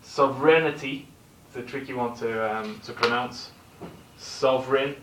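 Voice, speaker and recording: The English teacher's voice is medium in pitch, flat, moderately paced, and a bit bright as he works through a vocabulary lesson. He often checks in with the class using tag questions. The recorder sits at a distance in an echoey room, with slight background noise.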